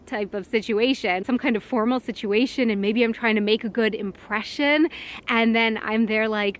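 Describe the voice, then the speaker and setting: A young woman talks to a handheld camera out in public, chatty and quick to laugh. Her voice sits fairly high and bright, a touch self-conscious. Casual vlog talk. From United States. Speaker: vlogger. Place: outdoors in public.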